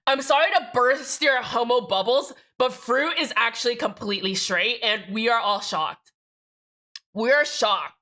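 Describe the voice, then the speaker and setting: A young woman streaming live, chatting with viewers in a loud, excitable, jokey and rambling way. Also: on the high side, a little slow. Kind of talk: casual live-stream chat.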